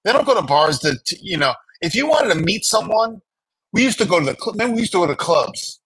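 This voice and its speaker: A man co-hosting a casual chat, animated and acting out the people he quotes. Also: sits high, quick pace, husky, no echo, rough recording. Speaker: podcast co-host.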